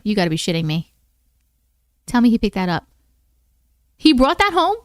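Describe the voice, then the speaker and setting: Very animated at a moderate pace, a woman with a medium-pitched voice pauses often as she chats casually on her livestream and reads viewers' stories aloud. She keeps things playful and chatty, swearing casually. The studio sound is clean, with no room sound.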